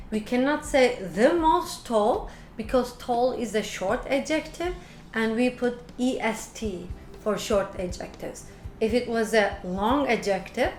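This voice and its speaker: Woman teacher, slow careful explanations, higher voice, echoey room, faint noise. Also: darkish tone. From Turkey. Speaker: English teacher. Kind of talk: explaining a grammar quiz.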